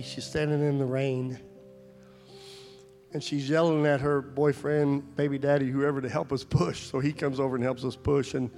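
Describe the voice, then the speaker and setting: A man's voice: medium pitch, darkish tone. A man preaching a sermon at a church service, telling a story and then pleading fervently with his listeners.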